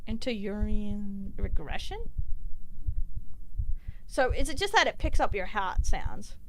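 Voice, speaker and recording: A woman's voice: mid-range voice, animated, takes it slowly, a bit bright, a little hiss or hum. A young Australian woman streaming, chatting casually while reacting to videos, blunt and profane, breaking into laughter often. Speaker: VTuber streamer.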